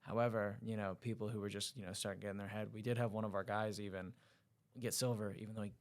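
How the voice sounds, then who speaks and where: Fast-talking young man telling stories. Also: on the low side. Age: young adult. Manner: quick, animated storytelling. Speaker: cadet guest. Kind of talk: casual podcast storytelling.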